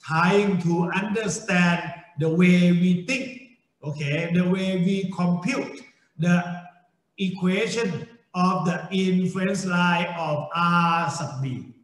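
A middle-aged man with a Thai accent, a native Thai speaker lecturing on engineering, slow and repetitive, with frequent okays and restarts. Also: high-pitched, echoey room, poor audio. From Thailand. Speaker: university lecturer.

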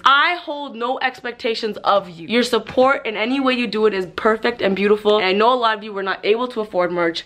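A young woman talking earnestly to her fans in a casual vlog, emphatic and heartfelt. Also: a bit bright. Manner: earnest, emphatic, with high baby talk to her dog. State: has a headache. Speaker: vlogger.

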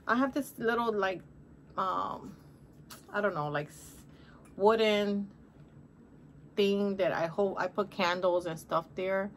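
A woman's voice: mid-range voice, slow, pauses often, a little hiss or hum. A middle-aged woman chatting casually through a shopping haul at home, gushing and exclamatory, talking straight to her viewers and calling them guys and honey. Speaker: haul vlogger.

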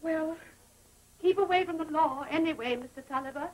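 A woman's voice: high-pitched, normal speed, darkish tone, close to an everyday voice, poor audio. An actress playing a fussy, fretful mother who scolds her family, in an old 1930s film. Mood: scolding. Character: fussy proper middle-aged mother, Mrs Tulliver.

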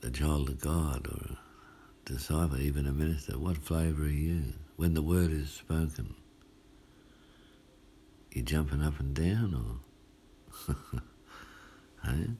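A male pastor with an Australian accent preaches a midweek sermon in a chatty, folksy way, often asking his listeners "hey?". His voice is very low and mellow, and he talks at an unhurried pace. A faint ambient hum sits behind him.

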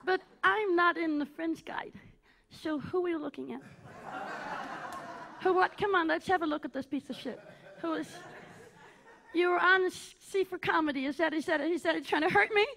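A woman's voice: very high-pitched, normal speed, gravelly, fairly bright tone, a faint crowd, heavily acted. A woman playing a needy, self-obsessed aging female cabaret diva, gushing and melodramatic as she teases the audience from a theatre stage. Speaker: cabaret performer. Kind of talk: live stage character comedy.

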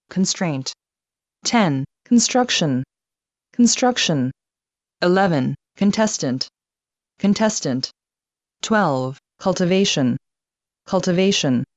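A woman reading a numbered vocabulary list, saying each word twice in a measured, even way. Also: lowish voice, dry recording, dull audio.

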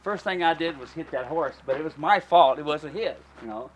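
A man's voice: a little high, brisk, a little hiss or hum. A man coaching a group through a hands-on mule training demonstration, in a folksy, plain-spoken way that calls his audience folks.

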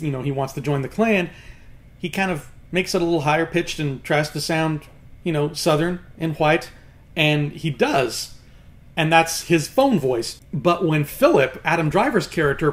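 A young man talks through a film review in a casual, chatty way, full of "you know" and "like". His voice sits somewhat high and leaps higher still when something annoys him. He sounds animated and quick to get exasperated.

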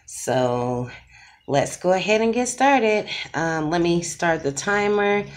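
Low-voiced lady doing a mukbang challenge at home, slow easy talk, keeps saying y'all to viewers. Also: animated. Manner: chatty, addresses viewers as y'all and guys. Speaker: mukbang host. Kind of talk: casual eating-challenge vlog.

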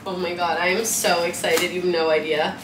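A young woman vlogging casually from home, gushing and excitable, peppering her talk with "like". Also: fairly low pitch, brisk, noisy background. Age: young adult. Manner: gushing, excitable, heavy use of "like". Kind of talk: casual vlog chat. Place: her apartment at night.

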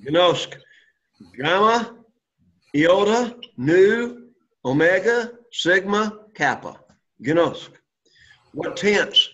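A man's voice: sits high, expressive, extremely slow, long pauses, a bit bright, lo-fi sound. A man teaching a Greek class, explaining patiently and checking in with "okay?" after each point. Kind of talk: classroom lesson.

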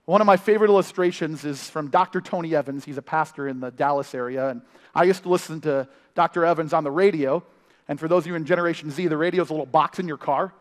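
A family pastor delivers a lively, story-driven sermon in church, full of quick humor and playful impressions. His voice sits high for a man and rings out with the long reverb of a large hall during this live recording.

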